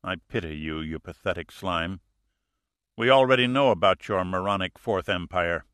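A man voicing a calm, dry-witted male hero, speaking in a measured, softly firm way. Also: low-pitched, no room sound.

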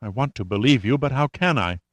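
A man's voice: medium pitch, expressive, a little fast, dry recording, lightly acted. Brief: remorseful woman in a storybook, trembling and pleading, voiced by a male narrator, dry close sound. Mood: shaken. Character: shaken remorseful woman conspirator. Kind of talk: audiobook character reading.

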